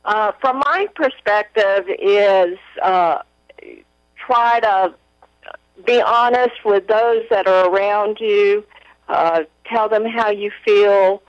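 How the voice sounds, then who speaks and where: A woman answering questions as a guest in a radio interview, soft-spoken and measured with pauses. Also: mid-range voice, dry recording. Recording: muffled radio audio.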